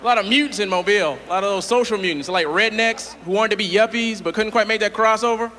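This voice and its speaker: High, bright stand-up comic man. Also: fast talker, a faint crowd, a little hiss or hum. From southern United States. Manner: animated, playful, jumps into character voices. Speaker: stand-up comedian. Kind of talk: stand-up comedy set. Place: large theater stage. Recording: live theater hall with audience.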